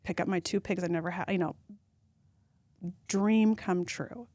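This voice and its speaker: A woman, a podcast guest telling funny stories and acting out quotes in a high voice. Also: unhurried, no room sound. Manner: animated storyteller who acts out quotes in a high voice. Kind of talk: casual storytelling chat.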